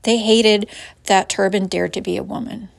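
A woman telling a personal story in a halting, reflective way, sighing and pausing with hesitant fillers. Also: medium pitch, steady tone, vocal fry, no room sound.

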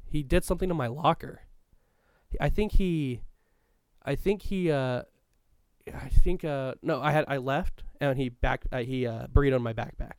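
A man's voice: medium pitch, normal speed, darkish tone, smooth, no echo, clean studio sound. A man in casual chat, recalling school days with a rambling, profane manner and frequent laughs. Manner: stops to look things up mid-talk. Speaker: co-host reminiscing about school days.

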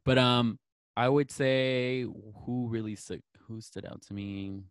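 A man's voice: medium pitch, steady tone, slow, clear, resonant tone, no echo. A young man in his twenties chatting casually, gossipy and dramatic, acting out quotes with lots of "like". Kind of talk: casual chat reminiscing.

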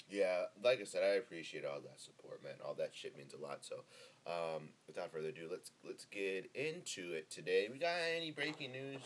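A man's voice: low voice, noisy background. A young man from Northern California hosting his own podcast in a rambling, profane, laid-back solo monologue full of fillers, speaking close into the mic. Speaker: podcast host. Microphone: close podcast microphone.

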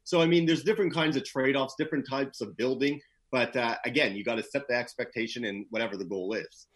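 Husky-voiced man telling stories casually. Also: medium pitch, fast talker. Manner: laid-back, animated when telling stories, many "you know" fillers. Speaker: guest, PR professional. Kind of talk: casual interview storytelling.

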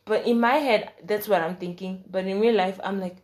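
A woman's voice: mid-range voice, moderate pace, few pauses. A woman telling a story in a casual, chatty way, with slang, asides and laughter, acting out the voices of the people in her story. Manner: animated, acts out quoted dialogue with shifting voice.

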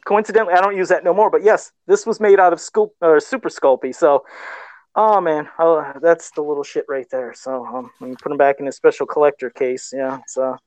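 A man's voice: fairly high pitch, steady tone, brisk, darkish tone, dry recording, poor audio. Chatty man, dry close sound. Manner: laughs often, self-deprecating, chatty. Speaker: guest toy sculptor. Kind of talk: casual livestream chat.

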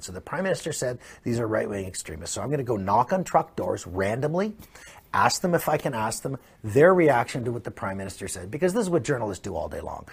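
Gravelly man telling wry stories. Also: mid-range voice, moderate pace. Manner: animated, wry anecdotes with frequent restarts. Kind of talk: casual storytelling.

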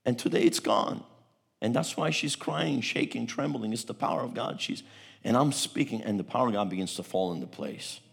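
A middle-aged man from Turkey preaching a sermon, telling a story with animated energy and acting out the people in it. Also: medium pitch, fairly quick, gravelly, husky. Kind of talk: testimony sermon.

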